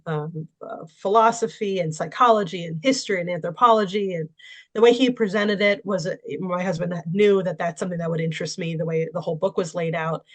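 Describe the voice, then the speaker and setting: A woman's voice: lowish voice, fairly bright tone. A woman guest telling her personal story in conversation, candid and anecdotal, with frequent fillers. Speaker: interview guest.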